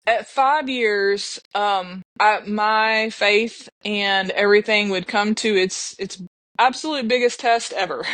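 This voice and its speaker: A woman's voice: mid-range voice, a bit bright, dry recording. A middle-aged woman, telling a personal story earnestly on a podcast. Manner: earnest, emotional, with restarts and laughs. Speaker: podcast guest. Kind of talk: casual storytelling.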